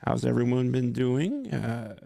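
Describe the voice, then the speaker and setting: Gravelly man hosting a chatty podcast. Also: mid-range voice, measured pace, no room sound, clean studio sound. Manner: laughs often, relaxed and chatty. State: deeper, rough voice from a cold. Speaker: podcast host. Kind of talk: casual chat.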